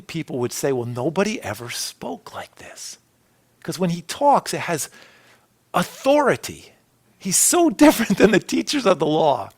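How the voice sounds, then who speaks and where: A man preaching a sermon as a pastor, earnest, with phrases that swell and then drop to a soft hush. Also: on the high side. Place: church sanctuary.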